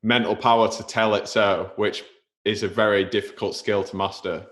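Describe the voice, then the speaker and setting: A podcast host with a fairly low voice who asks reflective questions at an easy conversational pace. He thinks out loud and sounds casual and engaged. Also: fairly even intonation, normal speed. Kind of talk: casual interview chat.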